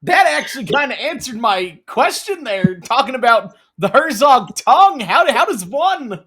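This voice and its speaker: A man hosting a casual interview, animated and eager. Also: extremely high pitch, normal speed, breathy edge. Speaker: podcast host.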